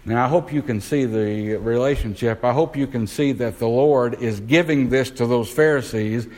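Male preacher, mid-pitched voice, questioning sermon delivery. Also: a little mellow, rough recording. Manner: asks the congregation questions, slows down to stress words.

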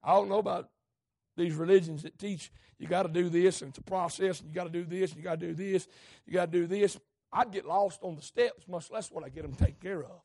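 A man preaches a sermon. His delivery is folksy and conversational, and it rises often into fervent shouting. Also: high-pitched, steady tone, a little fast.

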